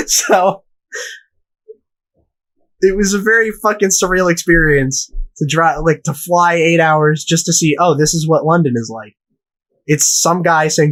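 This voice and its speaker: Young man, from the US, casual podcast chat, profane rambling storyteller, slightly high-pitched. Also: normal speed, poor audio. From United States. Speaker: podcast host.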